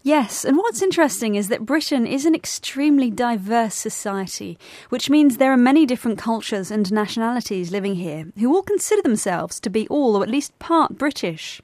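Woman, higher voice, clear explainer, scripted lesson, dry close sound. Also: animated, brisk, few pauses, a little mellow, no room sound. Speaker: co-presenter. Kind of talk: scripted educational podcast.

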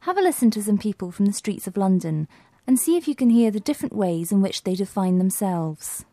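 A woman co-presenting a scripted educational podcast, posing questions and explaining clearly. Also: medium pitch, animated, a little fast, dark tone, dry recording. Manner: clear, quizzing.

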